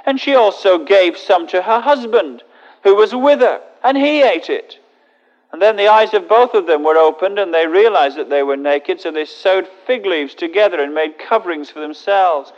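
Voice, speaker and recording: High-voiced preacher in an echoey hall. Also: male voice, moderate pace, dull audio. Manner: relaxed, chatty asides between readings. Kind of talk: sermon with scripture reading.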